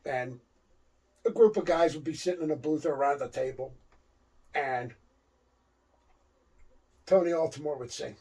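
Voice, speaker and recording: Husky older man telling stories. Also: on the high side, moderate pace, long pauses, dark tone, recorded from a distance, low-quality recording. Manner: rambling storyteller. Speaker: co-host. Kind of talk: casual chat.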